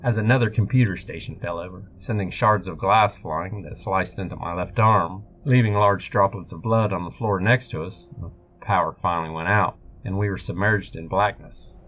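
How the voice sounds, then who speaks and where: Low-voiced man narrating horror. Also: a little hiss or hum, rough recording. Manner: steady, measured storytelling. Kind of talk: scripted first-person narration. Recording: music bed behind voice.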